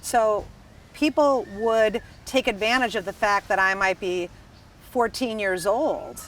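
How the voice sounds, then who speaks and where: A woman from Wisconsin, a restaurant dining room manager, telling stories in a lively, emphatic casual chat. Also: mid-range voice, slow pace. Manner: animated, emphatic storyteller. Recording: slightly distant mic, faint background noise.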